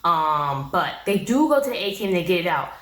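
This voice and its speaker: A woman's voice: on the low side, very animated, brisk, a bit bright. Sassy woman recapping TV, roomy echo. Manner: sassy, blunt, talks straight to viewers. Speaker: reality show reviewer. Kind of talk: casual recap commentary.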